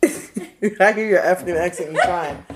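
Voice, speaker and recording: A woman co-hosting a casual chat and lyric guessing game, cursing, teasing and breaking into loud laughter. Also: on the low side, moderate pace. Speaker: podcast co-host. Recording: loud background noise.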